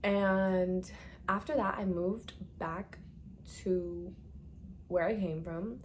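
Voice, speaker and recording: A woman's voice: fairly low pitch, fairly even intonation, drawn-out words, a little hiss or hum. A young woman telling a casual storytime to her viewers, chatty and dramatic, with lots of "like" and swearing.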